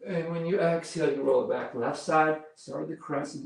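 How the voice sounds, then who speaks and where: A man leading a yoga class, giving calm step-by-step cues while he demonstrates the poses and counts breaths. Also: fairly high pitch, brisk, creaky. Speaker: yoga instructor. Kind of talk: guided yoga class instruction. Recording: roomy echo, mic far off.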